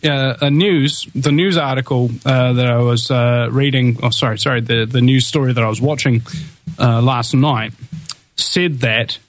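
A man's voice: mid-range voice, no room sound. A man hosting a talk radio show, fervent and rallying, with frequent hesitations and restarts. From New Zealand. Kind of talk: impassioned talk radio commentary.

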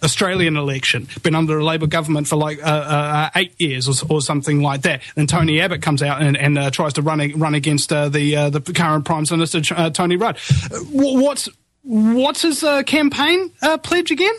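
A man's voice: on the high side, steady tone, fairly quick, fairly bright tone, no room sound. Ranting New Zealand man. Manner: heated ranting, swearing. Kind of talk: casual political chat.

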